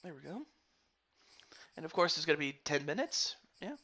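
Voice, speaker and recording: Bright-voiced man chatting through a live game stream. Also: a little high, sing-song, moderate pace. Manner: chatty, rambling, greets viewers by name. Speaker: streamer commentating a video game league. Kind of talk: casual live-stream commentary.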